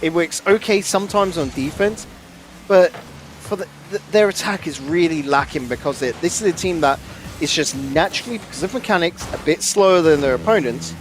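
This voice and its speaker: A man commentating a live esports match, quick to exclaim over big plays and replays, on a headset mic. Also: fairly high pitch, soft background music.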